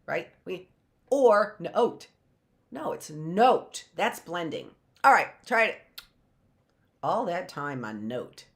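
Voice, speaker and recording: A middle-aged woman teaches phonics to a live online class. She talks slowly, stretching and repeating each sound, and her low voice swings widely in pitch as she adds playful asides. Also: very animated, fairly bright tone.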